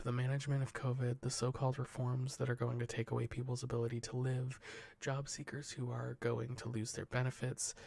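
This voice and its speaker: A man softly reading the news into a close mic in a whispered, ASMR way, stumbling over words and breaking off for dry, jokey asides. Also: medium pitch, creaky, no echo.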